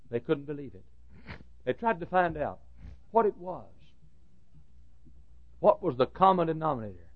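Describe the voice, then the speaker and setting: A man in his fifties preaching a sermon, dropping to a hushed storytelling voice and then rising to fervent shouts. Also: fairly high pitch, no room sound, muffled recording. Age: 50s. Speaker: pastor.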